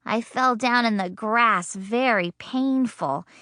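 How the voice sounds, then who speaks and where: A woman's voice: on the high side, slow, sharp tone, no echo. A woman reading a children's audiobook in a bubbly, childlike first-person voice, in a studio. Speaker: audiobook narrator.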